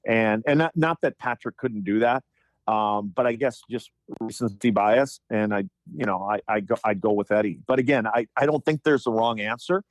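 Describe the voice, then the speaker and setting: A man in his fifties, a former hockey player, telling animated stories on a podcast with lots of restarts. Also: lowish voice, moderate pace, no room sound. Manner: animated anecdotes, frequent restarts and profanity in quotes. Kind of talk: casual storytelling chat.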